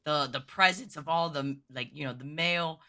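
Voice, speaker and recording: Excitable woman with a very bright voice. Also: deep voice, moderate pace. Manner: excitable, emotional, heavy "like" fillers. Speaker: guest miniature painter. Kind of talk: casual podcast chat.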